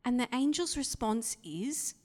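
A woman preaching a sermon, telling the story with lively acted-out voices and dropping into whispers. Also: fairly high pitch, unhurried, long reverb tail.

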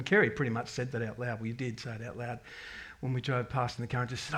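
A man's voice: medium pitch, fairly even intonation, fast talker, few pauses, fairly bright tone. A middle-aged man, giving a rambling, candid personal faith testimony to his congregation, full of restarts and quoted prayers. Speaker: parish member giving a testimony.

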